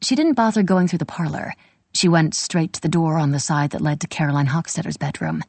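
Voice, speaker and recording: A woman reading a historical novel aloud as an audiobook narrator, steady and measured. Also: deep voice, creaky, husky, no room sound.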